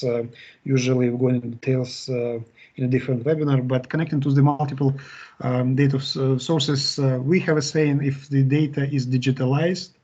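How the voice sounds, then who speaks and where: Halting man hosting a webinar. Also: mid-range voice, darkish tone. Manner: halting, with frequent "uh" fillers and restarts. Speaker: webinar presenter. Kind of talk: live webinar Q&A and wrap-up. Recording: dull, lo-fi webinar audio.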